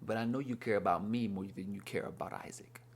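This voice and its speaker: A man's voice: fairly low pitch, fast talker, slightly rough. A young man giving a casual, earnest Bible lesson, rambling and repeating "you know what I mean.". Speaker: Bible study teacher. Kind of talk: casual devotional talk.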